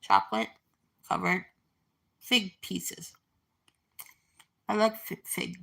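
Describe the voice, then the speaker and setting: A woman's voice: lowish voice, sing-song, slow pace, creaky, a bit bright. A woman in her forties talking to camera in a casual, meandering way, reminiscing with many fillers and restarts. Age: 40s. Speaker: vlogger. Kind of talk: casual rambling monologue.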